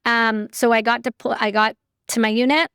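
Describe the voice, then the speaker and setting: A woman's voice: fairly high pitch, little pitch movement, normal speed, fairly bright tone, clean tone, no room sound, studio quality. Candid woman telling her story. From Canada. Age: 30s. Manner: candid, chatty, fillers like "like" and "you know". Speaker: guest, military veteran. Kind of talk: casual interview storytelling.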